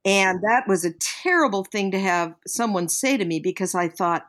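A woman's voice: mid-range voice, lively intonation, moderate pace, hardly any pauses, fairly bright tone. An older woman, a guest on a podcast, reflectively telling parenting stories and acting out the voices of people she quotes. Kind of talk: podcast conversation.

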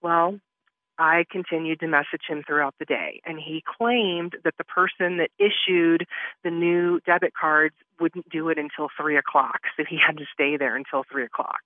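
A woman's voice: low voice, fairly even intonation, normal speed, no echo. A woman telling her story as an interview guest, talking conversationally with frequent fillers. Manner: conversational, with many "I was like" and "um" fillers. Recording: tinny phone-line audio.

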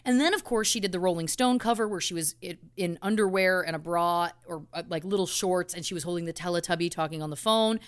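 A woman's voice: on the low side, fast, hardly any pauses, clear, resonant tone. Chatty indignant podcast woman. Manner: chatty storyteller, indignant asides. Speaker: podcast co-host. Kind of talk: casual true crime podcast chat.

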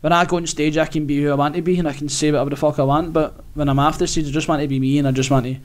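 A man's voice: fairly high pitch, steady tone. A Scottish man, a comedian, chatting in a sweary, laughing way as a podcast guest. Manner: sweary, laughing, quick banter. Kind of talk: casual podcast chat.

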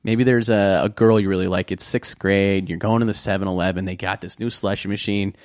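A man's voice: low voice, fairly even intonation, a little fast, dry recording. A man in his thirties co-hosting a comedy podcast, rambling and riffing with swearing and silly voices. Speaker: podcast co-host. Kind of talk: casual comedic podcast chat.

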